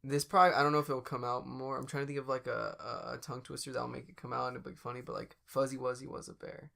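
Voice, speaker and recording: A man with a gravelly, creaky voice at a middle pitch banters on a casual podcast. He is laid-back and joking, often trailing off as he hunts for words. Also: level tone, quick pace, fairly bright tone. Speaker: podcast co-host. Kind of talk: casual chat.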